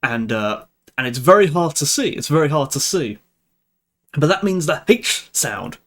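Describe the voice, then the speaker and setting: The voice belongs to a young livestreamer whose tone runs high, a bit bright, and sing-song as he talks with viewers in an unhurried way. Frequent laughs and restarted sentences fill his casual chat.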